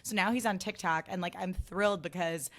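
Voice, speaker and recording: A woman's voice: lowish voice, steady tone, brisk, fairly bright tone. A woman in her thirties hosting a solo podcast, rambling casually with lots of "like" and free swearing. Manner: gushy, rambling, heavy on "like", swears freely. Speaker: podcast host.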